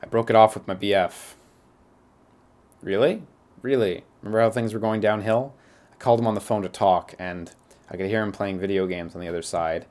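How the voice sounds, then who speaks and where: A man's voice: fairly low pitch, brisk, a little mellow, lightly acted. A man reading the lines of a blunt, tough young woman from a game in his own plain voice. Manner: reads game text aloud.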